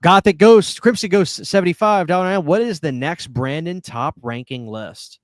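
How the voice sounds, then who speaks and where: A chatty man hosting a live stream, reading out viewer comments and laughing easily. His voice is smooth and resonant. The recording is dry and close. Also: high voice, moderate pace, dry recording. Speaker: podcast host. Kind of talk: casual live-stream chat.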